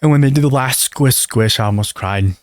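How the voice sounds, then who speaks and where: A young man recapping a reality TV show in a sarcastic, gossipy, animated manner. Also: mid-range voice, brisk, dry recording, studio quality. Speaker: video creator.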